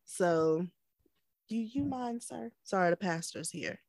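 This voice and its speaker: A woman's voice: lowish voice, lively intonation, takes it slowly, vocal fry, darkish tone, dry recording. A woman in her thirties co-hosting a podcast, chatting casually, laughing often and acting out quotes. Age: 30s. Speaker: podcast co-host. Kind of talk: casual chat.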